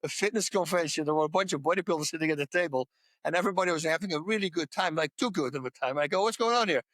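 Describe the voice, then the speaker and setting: A man who is a podcast guest, telling animated stories in casual chat, laughing mid-sentence and restarting words as he goes. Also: fairly high pitch, very fast, no echo.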